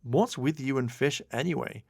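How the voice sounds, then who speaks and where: A man's voice: medium pitch, moderate pace, vocal fry, dry recording, studio quality, voice pushed up. A man voicing a cheerful teenage girl in a storybook reading.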